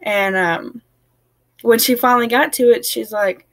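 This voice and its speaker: A woman's voice: fairly high pitch, measured pace, dry recording. A young woman chatting to camera in a rambling, casual way, laughing now and then and sounding tired. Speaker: family vlogger.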